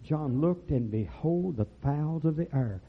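Older preacher, husky and folksy. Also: male voice, fairly high pitch, animated, unhurried. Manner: folksy storytelling, rising to loud preaching bursts. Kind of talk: rural revival sermon. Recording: dull lo-fi church recording.

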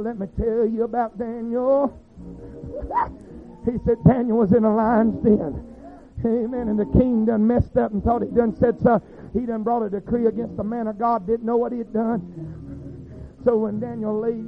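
A man preaching a sermon, telling stories in a rhythmic, folksy way that swings from hushed to shouting. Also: extremely high pitch. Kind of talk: sermon storytelling. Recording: tinny phone-like sound with faint music.

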